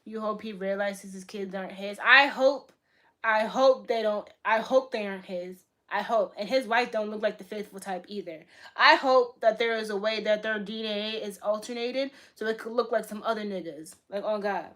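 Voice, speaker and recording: A woman's voice: medium pitch, moderate pace. Blunt young woman streamer from Boston. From Boston, USA. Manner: blunt, profane, swings between loud and soft. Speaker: livestreamer reading chat. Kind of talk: casual live-stream chat.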